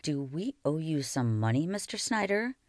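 A woman voicing a quiet, wary young farm boy in a read-aloud children's novel. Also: low-pitched, sing-song, normal speed, dry recording, studio quality.

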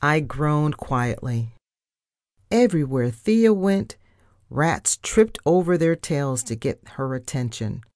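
Slow, low-voiced woman reading a story. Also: dry recording, clean studio sound. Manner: animated reading, first-person narration.

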